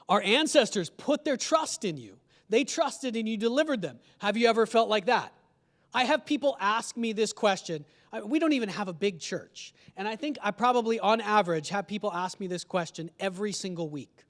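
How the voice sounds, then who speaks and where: A man whose voice sits high and sounds a bit bright delivers an animated sermon at normal speed, chatting with the congregation and posing questions to them. Long reverb from the church sanctuary trails his words.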